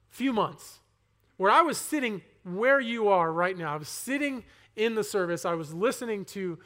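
A young man giving a personal testimony sermon to a congregation, earnest and conversational, with halting restarts, rising to loud emphasis and dropping to soft asides. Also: high-pitched. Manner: earnest, swings between loud emphasis and near-whispered asides. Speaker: preacher.

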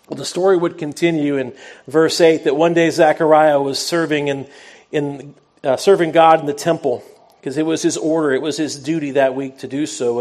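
A man's voice: mid-range voice, a little mellow. A pastor preaching a sermon, a man retelling a scripture story in an earnest, conversational way, with a bit of self-deprecating humor.

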